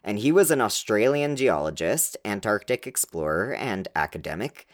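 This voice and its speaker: A woman's voice: rumbling low, big pitch swings, normal speed. A woman hosting a podcast, telling a story in a joking, teasing way with wry asides. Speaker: podcast host. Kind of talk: casual chat, storytelling. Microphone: studio microphone.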